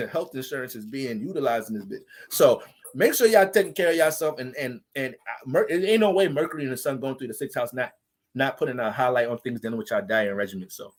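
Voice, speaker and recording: A man's voice: mid-range voice, expressive, fairly quick. A man hosting a casual astrology livestream, loose and profane, joking and talking straight to his viewers.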